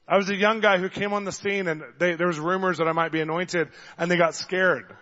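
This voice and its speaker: A man preaching a sermon, telling stories in an animated way, acting out the voices of the people in them and getting loud at times. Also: high-pitched, a little fast, a little hiss or hum. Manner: animated storyteller, acts out voices, gets loud. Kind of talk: sermon with storytelling. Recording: dull long hall reverb.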